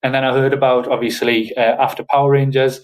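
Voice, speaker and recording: A man's voice: medium pitch, fast, poor audio. A man from Newcastle with a northern English accent, a podcast guest chatting casually and hesitantly, with many fillers. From Newcastle, northeast England. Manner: hesitant, full of fillers, relaxed.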